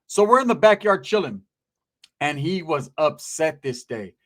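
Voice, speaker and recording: A man telling a profane comic story about an old friend, animated and acting out the people in it. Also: fairly high pitch, a little slow. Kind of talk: comic anecdote.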